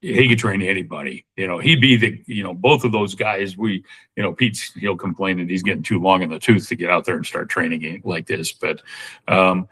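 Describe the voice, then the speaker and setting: Sixties male guest, low and husky, loose conversational ramble with many restarts. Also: brisk, fairly bright tone, poor audio. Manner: rambling, full of fillers and restarts. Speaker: podcast guest. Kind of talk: casual interview talk.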